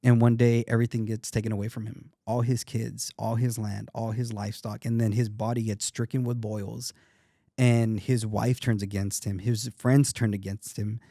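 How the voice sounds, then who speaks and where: Earnest man with a mellow voice. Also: lowish voice, flat delivery, moderate pace, dry recording, clean studio sound. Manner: earnest, reflective, many restarts. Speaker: podcast guest. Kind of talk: casual interview talk.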